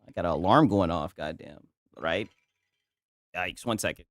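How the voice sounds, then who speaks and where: A man reacting to posts on a casual stream, animated and laughing, with "right?" after many lines. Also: low-pitched, normal speed, no echo, clean studio sound.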